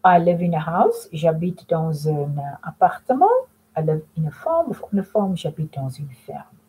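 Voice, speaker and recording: A woman teaching a French lesson in English, patient and repeating phrases slowly. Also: low voice, animated, warm tone, breathy edge, low-quality recording. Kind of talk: recorded online lesson.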